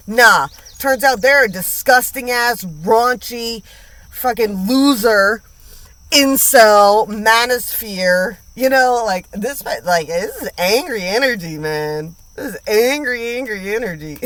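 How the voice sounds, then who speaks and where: A woman's voice: a little high, animated, slow pace, bright, forceful tone. A woman giving a casual tarot reading, blunt and emphatic, full of slang and swearing, repeating lines for emphasis. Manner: slangy and profane. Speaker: tarot reader.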